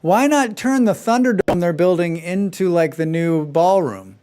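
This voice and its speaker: A man's voice: high-pitched, expressive, unhurried, hardly any pauses, darkish tone, clear, resonant tone. A man livestreaming himself playing a game, chatting casually and making sarcastic, joking asides. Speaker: game streamer. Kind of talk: casual chat during a gameplay livestream.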